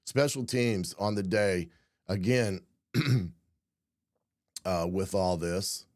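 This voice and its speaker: A hoarse man hosting a casual football film breakdown, often clearing his throat and filling pauses with "uh" and "um". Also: deep voice, a little mellow, no room sound, studio quality. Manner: frequent throat clearing, many fillers. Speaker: football analyst host.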